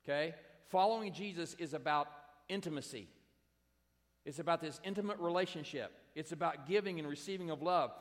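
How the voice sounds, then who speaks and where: A male pastor delivering a sermon with a somewhat high-pitched voice. He speaks emphatically and talks straight to the congregation, circling back to his key lines. His voice carries a long reverb in a church sanctuary. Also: a bit bright. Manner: emphatic, repeating key phrases, direct address to congregation.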